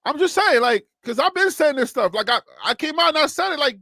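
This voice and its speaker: A man hosting a sports talk show, giving animated, opinionated commentary in a conversational, preachy way, often addressing the audience directly. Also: very high voice, a little fast, creaky, few pauses, no room sound, studio quality. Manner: animated, preachy, conversational, drawling asides to the listener.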